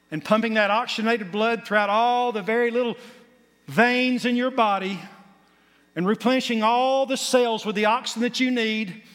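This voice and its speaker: A man preaches in a high, slightly bright voice, his sermon climbing in emphasis and sprinkled with folksy remarks. As pastor, his words echo with long reverb through the church sanctuary.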